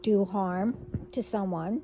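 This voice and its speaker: A woman hosting a casual spiritual monologue, talking in a rambling, halting way as she delivers warnings. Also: medium pitch, steady tone, vocal fry, dark tone, dull audio, a little hiss or hum. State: hiccups. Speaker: spiritual video host.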